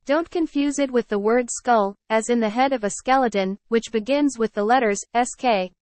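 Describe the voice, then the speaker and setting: A woman teacher reading a story aloud to children, pausing to explain words. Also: fairly high pitch, a little mellow, dry recording. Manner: clear, explaining, addresses children. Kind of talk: read-aloud lesson with word explanations.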